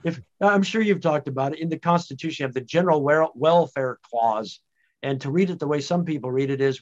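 Animated man guest on lo-fi audio. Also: a little high, brisk. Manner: animated, emphatic, frequent restarts. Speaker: home education researcher guest. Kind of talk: conversational podcast interview. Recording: dull lo-fi audio.

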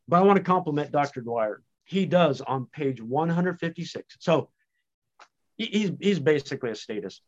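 A man who researches home-based education, speaking as an animated, emphatic guest in a conversational podcast interview. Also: fairly high pitch, moderate pace. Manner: animated, emphatic, frequent restarts. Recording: dull lo-fi audio.

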